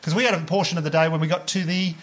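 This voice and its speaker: An Australian man telling a stand-up comedy story, animated and swearing, jumping up in pitch to act out the voices of other people. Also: racing. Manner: animated, swearing, acts out quoted voices with big jumps up in pitch.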